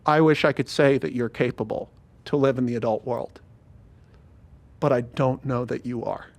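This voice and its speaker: Brief: man reading grave disappointed dad, dropped low and quiet. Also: steady tone, moderate pace, creaky. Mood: solemn. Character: stern middle-aged father, gravely disappointed.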